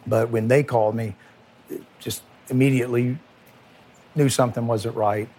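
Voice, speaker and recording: Halting former police chief man. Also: medium pitch, steady tone, warm tone, slight background noise. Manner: halting, repeats words, emotional. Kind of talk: emotional recounting interview.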